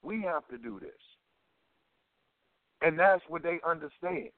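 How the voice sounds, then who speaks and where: Man, fervent talk-radio commentary, preacher-like repetition, fairly high voice, tinny phone line. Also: expressive, measured pace, no room sound.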